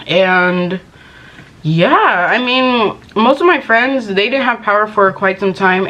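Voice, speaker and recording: A woman's voice: mid-range voice, a bit bright. A woman vlogging in casual chat, rambling and exasperated, talking while she eats.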